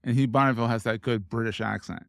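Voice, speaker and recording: A man's voice: mid-range voice, steady tone, fast, vocal fry, a bit bright, no room sound, studio quality. Enthusiastic male podcast host. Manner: enthusiastic, casual, praising. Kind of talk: podcast interview.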